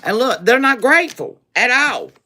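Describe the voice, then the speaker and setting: A woman reads tarot live for her viewers, her fairly high, bright voice swinging up and down with lively energy. She laughs often, repeats her points for emphasis and calls her listeners baby. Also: moderate pace. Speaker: tarot reader. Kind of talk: live-streamed tarot reading.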